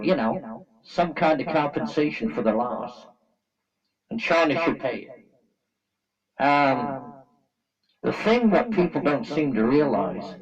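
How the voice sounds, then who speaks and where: Canadian guy ranting at the camera, blunt and mad, keeps repeating himself, muffled far-off sound with a crowd in the back. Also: medium pitch. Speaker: vlogger. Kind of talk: blunt opinion rant to camera.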